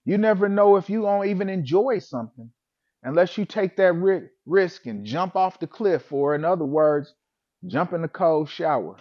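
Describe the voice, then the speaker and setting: High-voiced man telling a funny story. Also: normal speed, dull audio. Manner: animated, acts out his own reactions. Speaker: vlogger telling a personal story. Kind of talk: casual comedic storytelling.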